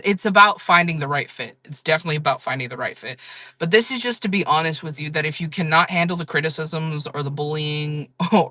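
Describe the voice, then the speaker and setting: A woman hosts a casual livestream, talking frankly to her viewers with a bright, forceful edge. She swears freely and laughs often. The sound is dry and close, with no room around it. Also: low-pitched, dry recording. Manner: blunt, frank talk with frequent laughs and swearing. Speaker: livestream seller chatting with viewers.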